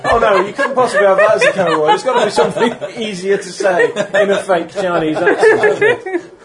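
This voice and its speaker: A man's voice: high-pitched, big pitch swings, fairly quick. A man playing a tabletop game, making wry, sarcastic quips. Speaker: player. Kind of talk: joking table chatter. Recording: group chatter behind.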